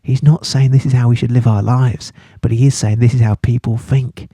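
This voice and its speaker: A man's voice: medium pitch, steady tone, brisk, mellow, breathy edge, no room sound. A man teaching a casual study-guide lesson, chatty and playful, with jokey asides. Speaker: English literature teacher.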